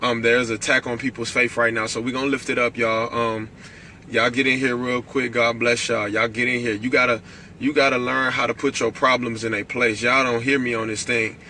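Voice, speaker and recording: Fervent preaching man, bright and forceful. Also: medium pitch, level tone, moderate pace, a little hiss or hum. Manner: rising to fervent preaching with call-outs to viewers. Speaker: pastor. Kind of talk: Facebook live sermon. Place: at his workplace. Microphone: phone.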